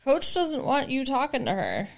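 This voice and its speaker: A woman's voice: high-pitched, wildly swooping pitch, moderate pace, gravelly. A woman co-hosting a podcast, chatting casually and wryly about a TV episode. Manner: conversational, wry, lots of fillers. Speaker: podcast co-host. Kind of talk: casual chat recapping a TV episode.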